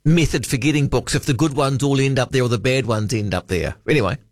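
A man's voice: medium pitch, fast talker, no echo, clean studio sound. A man hosting late-night talkback radio in a chatty, musing way, reading out listener texts. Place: radio studio.

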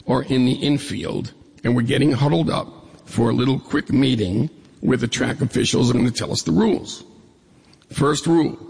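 Man, middle-aged, from New York State, humorous stage storytelling, gravelly rasp, hall echo. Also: medium pitch. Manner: humorous, lively storyteller who acts out dialogue. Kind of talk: personal storytelling talk. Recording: echoey hall reverb.

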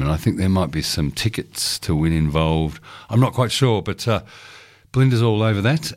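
A man's voice: sits low, no echo. An Australian man hosting a live radio show from a studio, talking casually and rambling with lots of ums and uhs. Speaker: radio host.

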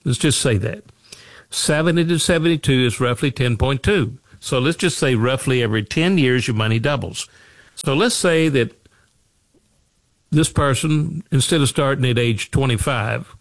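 A man's voice: mid-range voice, dry recording. A man hosting a financial talk show, speaking in a folksy way, repeating phrases and asking himself rhetorical questions. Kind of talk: radio talk show monologue.

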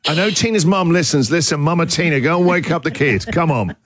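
A man's voice: on the high side, expressive, a little fast, fairly bright tone. A man hosting a breakfast radio show in a studio, teasing his team in joking, mock-offended banter. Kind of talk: casual on-air banter. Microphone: studio microphone.

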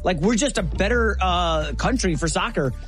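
A man's voice: sits high, lively intonation, moderate pace, fairly bright tone, soft background music. Chatty male sports co-host. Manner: conversational, chatty, sets up segments. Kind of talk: casual sports chat.

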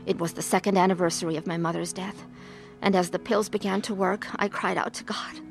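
A woman's voice: fairly low pitch, steady tone, fairly quick, vocal fry, faint music behind. A woman narrating and playing a troubled adult woman in emotional pain, speaking earnestly. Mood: somber. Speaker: narrator and main character. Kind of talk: dramatized testimony with first-person narration.

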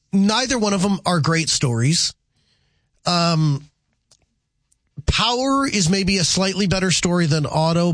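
A man's voice: fairly high pitch, no echo. A man hosting a call-in radio talk show, chatty and rambling, with many fillers and restarts.

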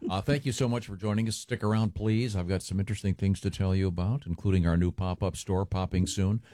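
A man hosting a radio talk show in a low voice. His tone is mellow and he drops wry, deadpan jokes. The sound is dry and close. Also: fast, dry recording. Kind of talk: casual morning radio banter.

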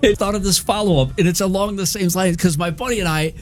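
A man's voice: sits high, quick pace. A man co-hosting a casual chat, telling a funny story and laughing at it. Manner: laughing anecdote teller. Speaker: co-host.

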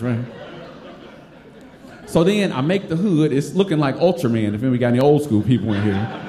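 Male stand-up comic telling a story live, high-pitched and animated, echoey room. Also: a little fast, a faint crowd, a little hiss or hum. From Detroit. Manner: animated, acts out voices, laughing.

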